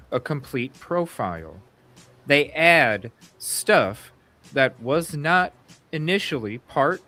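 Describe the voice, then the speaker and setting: Male talk-show co-host, mid-pitched voice, blunt, opinionated, casual cursing, rambling delivery, faint music underneath. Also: bright, forceful tone. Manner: rambling with frequent restarts. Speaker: podcast co-host. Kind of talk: casual true-crime talk show chat.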